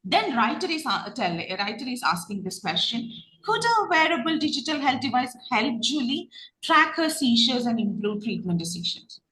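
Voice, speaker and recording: A woman's voice: a little high, sing-song, normal speed, sharp tone, reverberant, slight background noise, poor audio. A woman with a Malayali English accent, a trainer running an online reading class, who asks students many questions and often restarts her sentences.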